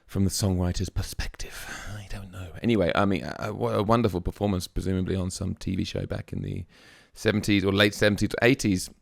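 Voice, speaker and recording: A man's voice: low-pitched, little pitch movement, a little fast, gravelly, few pauses, no echo, studio quality. A man hosting a music reaction video, musing aloud in a casual, chatty way with plenty of fillers.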